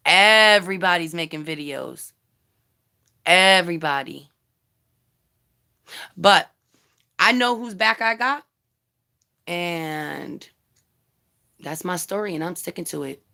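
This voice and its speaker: A woman's voice: lowish voice, takes it slowly, vocal fry, pauses often, pushed and bright. A woman vlogger ranting bluntly and heatedly on a casual live stream, swearing freely and talking straight to her viewers. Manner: chats directly with viewers. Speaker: YouTube commentary vlogger.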